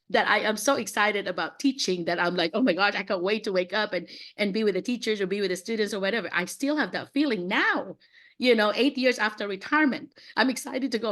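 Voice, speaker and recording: A woman in her late fifties talks over a video call as an education coach, chatty and full of laughter. Her pitch sits in the middle range. She fills her talk with little acted-out exchanges and loose fillers. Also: fairly bright tone. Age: 50s. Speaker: education coach running mock interviews.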